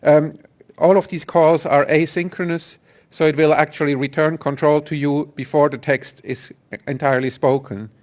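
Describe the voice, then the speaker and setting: A man's voice: fairly high pitch, flat delivery, moderate pace, darkish tone. A man giving a technical conference talk, explaining step by step with some fillers and restarts. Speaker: software engineer presenter.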